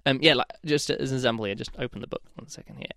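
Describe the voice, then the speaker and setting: A man talks through his thoughts on a book in an easygoing, meandering way. He hesitates often, restarts phrases and leans on filler words. His mid-pitched voice sounds dry and close, with no room echo. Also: very fast, vocal fry, fairly bright tone. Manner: rambling, hesitant, full of "like" and restarts. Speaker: book reviewer. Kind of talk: casual spoken book review.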